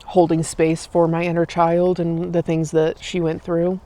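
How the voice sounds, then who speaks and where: A woman's voice: on the low side, completely flat delivery, a little slow, mellow. Chatty woman in her late twenties. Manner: chatty, loose, many "like" and "um" fillers; talks while eating, sometimes with her mouth full. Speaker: vlogger and streamer. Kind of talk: casual chat. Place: outdoors, in a park.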